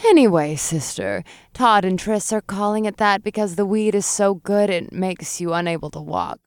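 A man's voice: high-pitched, moderate pace, smooth, no echo, pitched above the performer's own voice. A man playing a wrathful succubus woman, blunt, crude, raised voice, dry sound. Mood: brash.

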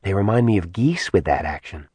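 A man voicing a teasing, quick-witted young woman. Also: low-pitched, lively intonation, a little mellow, husky, no room sound, exaggerated voice.

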